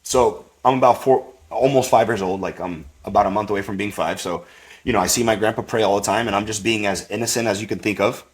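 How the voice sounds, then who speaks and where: A man, a podcast guest, tells a personal faith story in a rambling, animated way, with lots of fillers and acted-out quotes. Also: on the low side, fast. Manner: rambling, full of "like" and "you know"; animated, acts out quoted voices.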